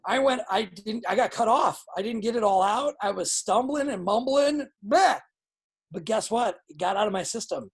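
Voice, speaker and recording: Blunt, husky-voiced woman wrestling coach. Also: on the high side, moderate pace. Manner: blunt, excitable, swears freely. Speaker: pro wrestling trainer. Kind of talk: live online coaching feedback.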